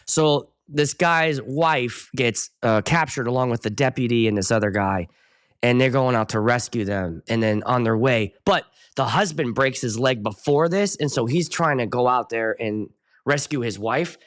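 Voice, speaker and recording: A man from the Pittsburgh area who works as a wedding DJ, hosting a casual live stream and rambling excitably from topic to topic. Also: medium pitch, normal speed. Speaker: wedding DJ and show host.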